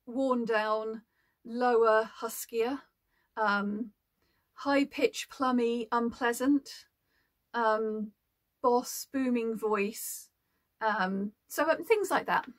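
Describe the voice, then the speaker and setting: A woman's voice: on the high side, drawn-out words. A woman working as an audiobook narrator, explaining her work in a casual, thoughtful way with frequent ums. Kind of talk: casual explanatory talk to camera.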